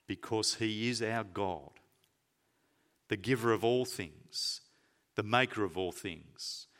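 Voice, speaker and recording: A man preaching a sermon, stressing words loudly and then dropping to soft, low phrases. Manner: emphatic, swinging between loud stresses and soft low phrases.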